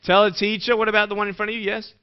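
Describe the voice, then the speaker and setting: Speaking to schoolchildren, this motivational speaker races along in a smooth, high, level voice. He keeps things playful and quizzes the audience with questions, all captured on a dull lo-fi recording.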